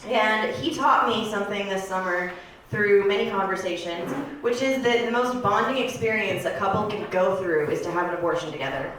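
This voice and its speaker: Rambling deadpan woman in an echoey club. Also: medium pitch, a little fast, few pauses. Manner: deadpan, rambling confessional delivery with filler words. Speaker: stand-up comedian. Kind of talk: stand-up comedy set. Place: comedy club stage. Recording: echoey club room from far off.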